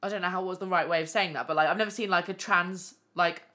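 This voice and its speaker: Bright-voiced woman telling candid stories. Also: lowish voice, fast. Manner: swears constantly, animated, lots of fillers. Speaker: podcast host. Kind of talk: candid casual storytelling.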